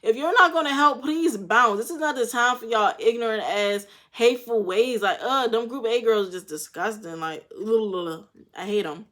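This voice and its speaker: Reacting to a reality show episode, a young woman speaks in a fairly bright, higher-pitched voice at a moderate pace. Her commentary is loose and full of slang, blunt opinions and free swearing.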